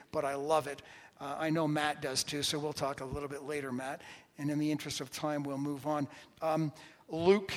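A man's voice: fairly high pitch, a bit bright, big-room sound. A man preaching a sermon as a pastor, telling stories in a conversational way with humorous asides.

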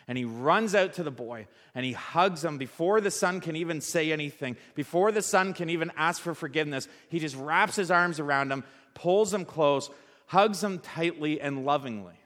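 Casual, animated male preacher in a church with long reverb. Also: fairly high pitch, normal speed. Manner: conversational, animated, asks the audience rhetorical questions. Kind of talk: sermon.

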